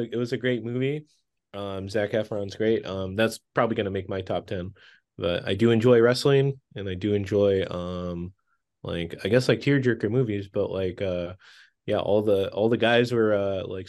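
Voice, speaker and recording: A young man co-hosts a podcast, rambling through casual chat full of fillers and frequent laughter. His voice is fairly low and a little mellow.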